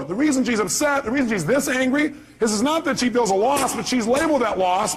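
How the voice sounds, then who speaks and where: A man gives an emphatic motivational seminar talk in a high, forceful voice. He throws rhetorical questions at the audience. His delivery stays punchy throughout. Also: big pitch swings, fast talker, hardly any pauses. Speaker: motivational speaker.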